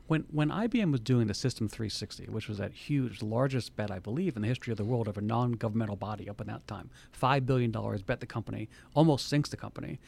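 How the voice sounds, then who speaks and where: Man, interviewer, fast-paced, gravelly, prompting questions. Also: lowish voice, darkish tone. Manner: fast, prompting, fills in details.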